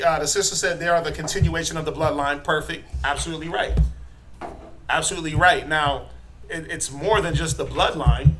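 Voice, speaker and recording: A middle-aged man teaching a Bible class, quizzing his students and tagging his points with "right?", building to forceful emphasis. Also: a little high, a little hiss or hum. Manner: asks the class questions, tags lines with "right?".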